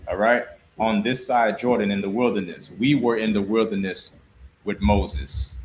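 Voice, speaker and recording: A man teaching scripture, reading verses slowly and pausing to explain and repeat words. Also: on the low side, a little hiss or hum, low-quality recording. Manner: slow, deliberate reading with pauses and repeated words. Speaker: religious teacher.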